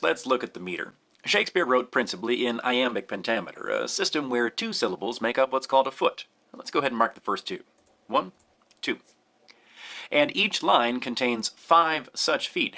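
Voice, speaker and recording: A man teaching a lesson, speaking clearly and deliberately and stressing key words as he explains. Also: medium pitch, sharp tone. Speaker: Shakespeare teacher.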